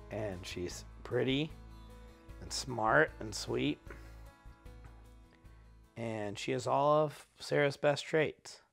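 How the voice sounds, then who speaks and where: Drunk man in his thirties, slow, meandering storyteller who keeps losing the plot, faint music behind. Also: medium pitch, gravelly, fairly bright tone. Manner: rambling, loses his thread and corrects himself.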